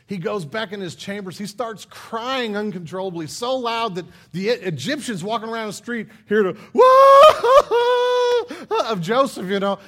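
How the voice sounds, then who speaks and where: In a high voice, a man preaches a sermon, retelling a Bible story in a lively, casual manner and acting out the characters' lines.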